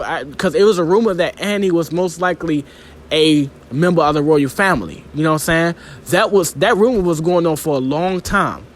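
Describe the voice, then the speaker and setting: A young man giving a casual, rambling and profane manga review, full of filler phrases. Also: on the high side.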